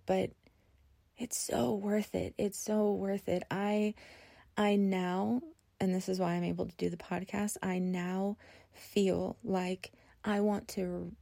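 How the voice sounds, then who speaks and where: A woman's voice: medium pitch, vocal fry, mellow, dry recording, clean studio sound. A middle-aged woman hosting a podcast, sharing her personal testimony in an earnest, emotional way with many restarts. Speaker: podcast host.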